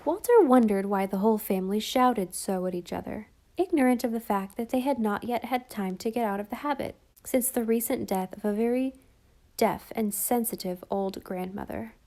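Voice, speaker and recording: Woman narrator doing an audiobook, mellow voice, calm steady reading. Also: on the high side, moderate pace. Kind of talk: scripted storybook narration.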